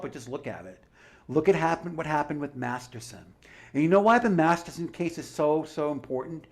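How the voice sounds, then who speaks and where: A man's voice: a little high, a little mellow. A man giving a heated, combative livestream monologue, full of swearing and sarcastic asides. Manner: profane, combative ranting. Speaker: livestream commentator.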